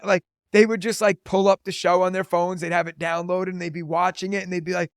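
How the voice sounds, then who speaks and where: A man in his thirties, a teacher and comedian, chats as a podcast guest, telling stories packed with "like" fillers. His high voice is steady and clean, moving a little fast with few pauses, in a dry, clean studio recording.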